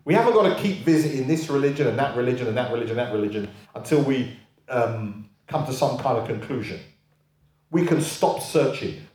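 A man's voice: mid-range voice, lively intonation, a little fast, darkish tone. Emphatic male preacher, echoey room. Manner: emphatic, repeats key phrases, rhetorical questions. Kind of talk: sermon.

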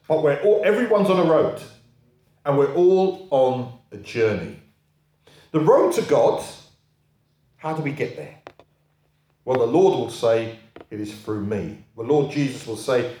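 A man's voice: mid-range voice, darkish tone, roomy sound. A man preaching a sermon, repeating key phrases for emphasis and putting rhetorical questions to the congregation.

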